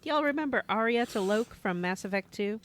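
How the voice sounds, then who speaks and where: A woman's voice: a little high, expressive, fairly quick. A woman co-hosting a casual podcast, recapping a video game in a playful, storytelling way.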